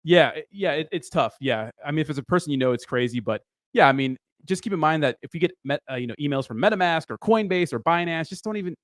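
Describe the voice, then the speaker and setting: Quick-talking man, casual co-host. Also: a little high, animated, no echo. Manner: agreeable, quick to chime in. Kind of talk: casual podcast chat.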